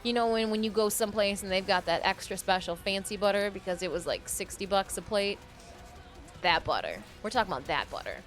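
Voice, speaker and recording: A woman's voice: medium pitch, lively intonation, brisk. A woman from Michigan streaming a game, chatting playfully with her viewers and reading out their names. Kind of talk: casual live-stream chat. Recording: faint game music behind.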